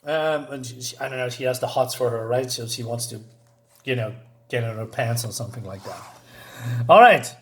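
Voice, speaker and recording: A man's voice: mid-range voice, normal speed. A man casually reviewing a comic book, sarcastic and dismissive, rambling with plenty of fillers.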